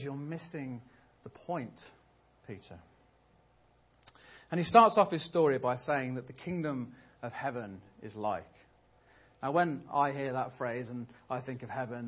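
A man's voice: mid-range voice, slightly rough. A man preaching a sermon in a humorous, conversational storytelling manner. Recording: dull lo-fi recording.

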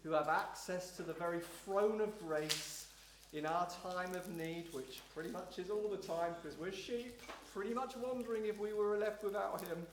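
A man leading a congregation through a slow, prayerful devotional teaching in a church room, with repetitive phrasing. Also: high-pitched. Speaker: pastor leading a service. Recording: roomy echo, faint noise.

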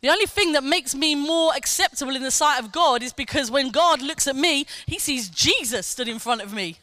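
A woman preaching a sermon, telling a personal testimony in an animated way and acting out quoted lines. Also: high-pitched, fairly quick, dry recording. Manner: animated storytelling, acts out quotes, laughs often.

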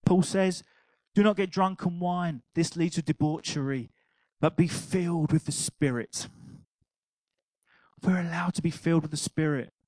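An older man preaching, his voice sitting somewhat high. He tells stories with animated energy and laughs along with them. The sound is dry and close. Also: a little slow, no room sound, poor audio. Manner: animated storytelling, laughing at his own anecdote. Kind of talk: sermon.

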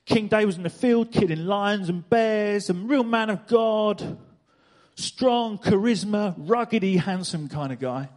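The preacher's voice is notably high for a man, with a darkish tone, and he takes his time. Delivering a sermon from a church stage, he repeats phrases and pushes rhetorical questions at the congregation to drive his points home.

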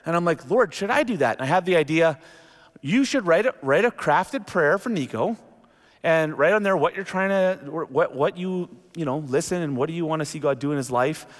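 A middle-aged man preaching a sermon as pastor, telling a story with animated energy. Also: on the high side, moderate pace. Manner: animated storytelling, jumps into acted quotes. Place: church sanctuary. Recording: long reverb of a large hall.

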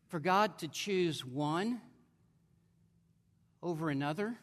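High, bright-voiced man preaching in a hall. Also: lively intonation, measured pace. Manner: emphatic preaching, swinging between forceful and hushed. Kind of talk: sermon. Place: large conference hall. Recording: long hall reverb.

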